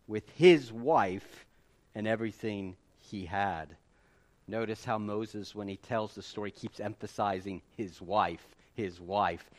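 A man preaching a sermon with animated delivery and emphatic repetition. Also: medium pitch. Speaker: pastor.

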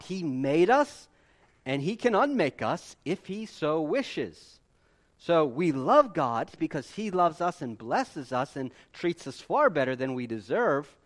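Guy preaching a sermon, keeps repeating stuff for emphasis, kinda high voice. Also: takes it slowly. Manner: animated preaching, emphatic repetition. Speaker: pastor.

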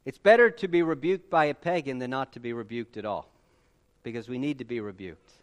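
A man preaching a sermon with animated delivery and emphatic repetition. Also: mid-range voice, a little fast. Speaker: pastor.

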